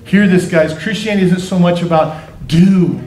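A man delivers a lively sermon as pastor in a fairly high voice, now and then acting out what people say in different voices. The recording is echoey, with a church-hall reverb and faint background noise. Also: moderate pace. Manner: animated preaching, acts out quotes in different voices. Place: church sanctuary.

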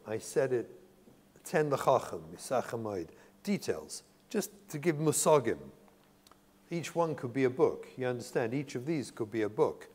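A man's voice: medium pitch, darkish tone. A man, a psychotherapist, giving an earnest, emphatic lecture to a religious audience and repeating key phrases for weight. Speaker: psychotherapist and speaker. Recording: long hall reverb.

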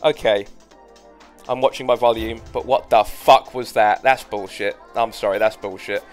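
A man's voice: lowish voice, fairly even intonation, normal speed, soft background music. A man casually commenting on his gameplay, sarcastic, easily annoyed and swearing a lot. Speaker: let's play gamer.

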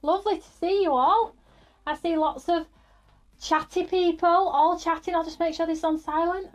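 A woman's voice: very high voice, fairly even intonation, moderate pace. A woman, middle-aged, hosting a live craft stream in an upbeat, chatty way and greeting viewers by name.

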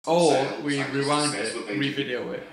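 A man's voice: medium pitch, moderate pace, crowd noise. A young man joking and bantering with his partner while they bake at home. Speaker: partner and co-host. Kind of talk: casual chat while baking. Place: home kitchen. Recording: roomy kitchen with faint noise.

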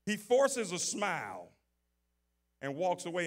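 Man preaching a sermon, high gravelly voice, bright and kinda husky, goes from quiet talk to shouting. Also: big pitch swings, unhurried. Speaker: pastor.

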